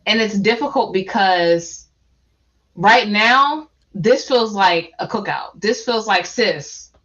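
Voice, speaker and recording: A woman's voice: medium pitch, animated, slow pace, fairly bright tone. A woman from New Jersey with a New Jersey accent speaking on a panel. She is emphatic and often restarts her phrases. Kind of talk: panel discussion. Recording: slightly dull lo-fi audio.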